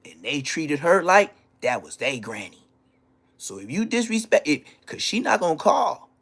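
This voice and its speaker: A man telling profane, animated stories from his school days on a casual livestream, laughing as he goes. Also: on the high side, moderate pace. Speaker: livestream host. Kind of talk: casual storytelling.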